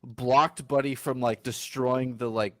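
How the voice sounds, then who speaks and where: A man in his mid-thirties vents and rants in a casual online chat, swearing freely. His voice is middle-pitched. The recording is dry, with no room sound. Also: fairly even intonation, a little slow, a bit bright, no echo. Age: 30s. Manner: profane, ranting.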